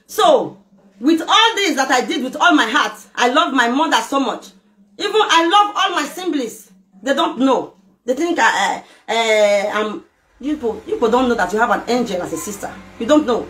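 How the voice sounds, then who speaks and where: A woman's voice: sits high, a bit bright. A middle-aged Nigerian woman in an emotional rant to camera, speaking Nigerian Pidgin English and firing off emphatic rhetorical questions. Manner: emphatic, fires rhetorical questions, mixes local language words. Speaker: vlogger. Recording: echoey room with faint noise.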